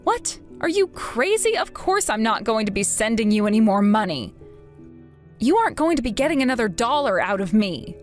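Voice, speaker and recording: A woman's voice: fairly high pitch, animated, fairly quick, soft background music, lightly acted. A woman voicing a fed-up grown daughter who bluntly and coldly refuses her family. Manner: blunt, cold, firm. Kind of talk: text-story voice acting.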